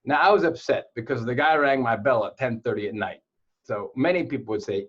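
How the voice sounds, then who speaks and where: A man's voice: mid-range voice, a little fast, slightly rough. Playful man telling jokes, lo-fi. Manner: playful joke-telling storyteller. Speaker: Torah teacher to boys. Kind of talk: casual online class with jokes. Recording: dull lo-fi sound.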